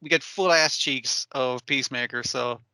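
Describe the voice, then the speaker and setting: A man's voice: mid-range voice, normal speed, bright, forceful tone, clear, resonant tone, dry recording. A man hosting a podcast in casual chat, swearing freely and acting out characters' lines. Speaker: podcast host.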